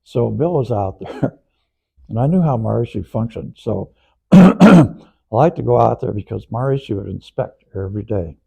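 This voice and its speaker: An older man being interviewed, rambling through anecdotes with frequent chuckles, his voice gravelly. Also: mid-range voice, expressive, normal speed, mellow, low-quality recording. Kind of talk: anecdotal storytelling.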